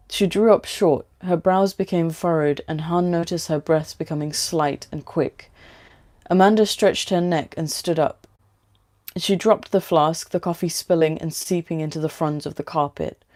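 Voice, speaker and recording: A woman reading a story aloud at a steady, unhurried pace. Her voice is mellow and a touch low for a woman, relaxed rather than bright.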